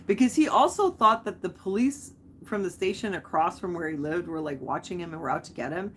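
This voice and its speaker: A woman's voice: fairly low pitch, expressive, a little fast, a little hiss or hum. A young woman hosting a live stream, chatting casually, rambling off on tangents and answering viewer comments.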